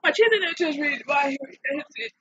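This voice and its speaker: A woman's voice: sits high, moderate pace, fairly bright tone, dry recording, dull audio. A woman tearfully reacting to a video, talking back at the screen and swearing through her tears. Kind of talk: emotional reaction commentary.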